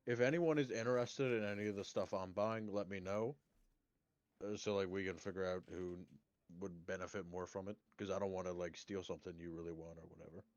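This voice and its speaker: A man's voice: low-pitched, fairly even intonation, fairly quick, a little mellow, no room sound, lo-fi sound. A man playing in a tabletop game, asking direct questions about rules and items. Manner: questioning, to the point. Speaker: player.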